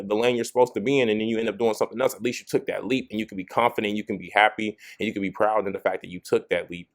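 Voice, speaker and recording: Low-voiced young man giving casual pep talk. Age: young adult. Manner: conversational, repeats "you know what I'm saying", restarts often. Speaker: motivational video host. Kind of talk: casual motivational talk to camera.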